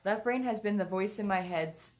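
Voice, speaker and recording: A woman's voice: mid-range voice, a little mellow. Woman reading chat comments aloud. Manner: halting, with fillers.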